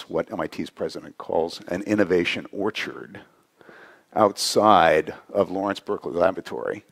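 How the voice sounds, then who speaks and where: Man, very low voice, conference speaker, conversational, tags points with "right?". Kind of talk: conference talk. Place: conference hall.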